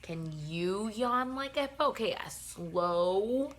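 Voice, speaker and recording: A woman teacher reading a bedtime picture book aloud to young children, gentle and playful, with soft sighs and yawns. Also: medium pitch, expressive, slow, slight background noise.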